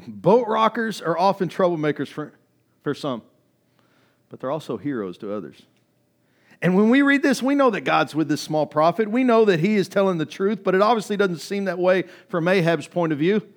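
A man preaches a sermon with a somewhat raised pitch. He speaks casually to his listeners and often sinks his voice to a murmur for emphasis. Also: animated, moderate pace. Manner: conversational preaching with sudden drops in volume; acts out quoted voices in reading. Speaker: pastor.

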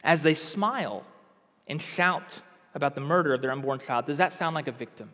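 A man's voice: on the high side, normal speed, sharp tone, in a large hall. A man preaching a sermon with impassioned, emphatic delivery that rises to outbursts.

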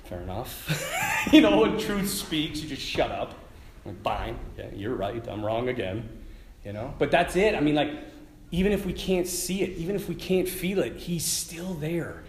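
Animated, laughing preacher in an echoey room. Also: male voice, fairly high pitch, moderate pace, a little hiss or hum. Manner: animated, laughing, conversational storyteller. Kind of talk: informal sermon.

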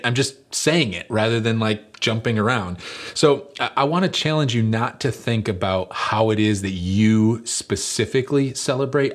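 A middle-aged male lead pastor delivering a conversational sermon, telling stories with fillers and self-deprecating humor. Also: on the low side.

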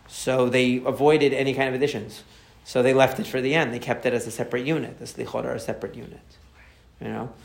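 A man, a rabbi, explaining prayer in a conversational lesson, answering a listener's questions and repeating key phrases as he warms up. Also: medium pitch, fairly even intonation, fast, vocal fry.

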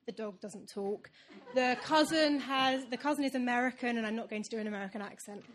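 A woman's voice: a little high, brisk. A woman author from England briefly introducing her novel before reading, a little nervous, with small laughs.

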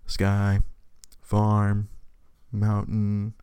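A man's voice: low voice, expressive, normal speed, gravelly, a little mellow, dry recording, clean studio sound. A man in his thirties, a father chatting casually at home on a live stream, rambling and stammering with frequent laughs.

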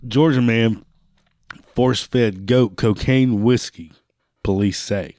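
A man's voice: medium pitch, takes it slowly, darkish tone. A man hosting a talk show, delivering an angry rant full of swearing, sometimes breaking into laughter. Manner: angry, swearing heavily, laughing between lines. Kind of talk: profane rant.

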